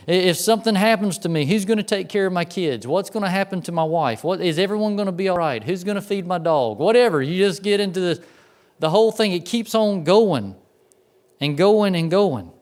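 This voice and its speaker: A pastor preaching a sermon in a conversational way, often repeating words as he tells stories. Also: high-pitched.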